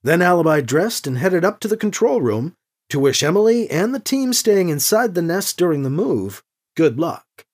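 An audiobook narrator tells the story in a lively, expressive way. The voice is breathy and husky. The pitch roams widely from phrase to phrase. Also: moderate pace. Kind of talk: scripted narration.

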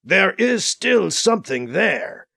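A man's voice: high voice, very animated, takes it slowly, gravelly, sharp tone, voice pushed up, heavily acted. Man voicing a careful woman crew member.

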